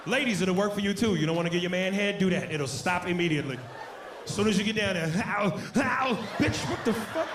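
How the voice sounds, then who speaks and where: A male stand-up comedian telling loud, animated jokes on a club stage into a handheld mic, with a noisy live recording. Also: high voice, fast talker. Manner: loud, animated, shouting punchlines.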